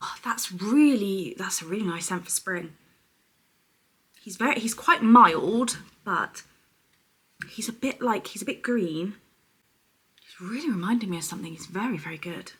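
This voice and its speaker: A young woman chatting effusively through a product unboxing, sometimes dropping to a hushed voice. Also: medium pitch, lively intonation, a little slow, long pauses, husky. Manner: chatty and effusive, often dropping to a soft hush over products. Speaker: beauty vlogger. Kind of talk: casual unboxing chat.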